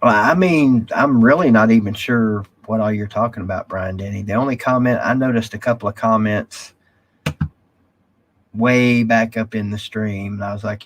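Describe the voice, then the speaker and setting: Husky rambling live stream host. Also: male voice, lowish voice, moderate pace. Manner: rambling, drawling, reads viewer comments aloud. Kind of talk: casual live stream chat.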